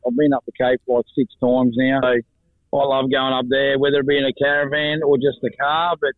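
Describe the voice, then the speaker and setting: A man's voice: mid-range voice, level tone, normal speed, no room sound. An Australian man from Brisbane calling in on the phone from the road, laid-back and matey. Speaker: caller. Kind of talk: phone-in chat. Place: on the road in his car. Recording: tinny phone line.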